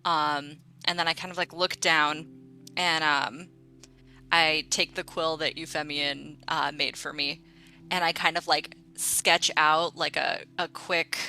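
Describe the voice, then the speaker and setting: A woman with a very low but bright, forward voice describes her character's actions at the gaming table. She rambles, filling her sentences with "like" and "um". Her delivery is casual and unhurried. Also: steady tone, soft background music. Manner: rambling, full of "like". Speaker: player.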